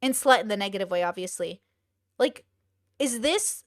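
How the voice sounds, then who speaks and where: A young woman hosting a live stream, talking bluntly with lots of swearing and rapid rhetorical questions. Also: medium pitch, expressive, no room sound, clean studio sound. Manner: blunt, profane and exclaiming. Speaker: streamer host. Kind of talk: casual live-stream commentary.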